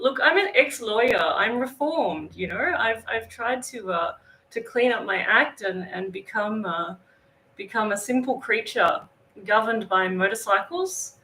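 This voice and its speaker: A woman's voice: on the high side, expressive, unhurried, pushed and bright, rough recording. A woman with an Australian accent, chatting casually on a livestream, greeting viewers by name. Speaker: livestream host. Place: home in northern Thailand.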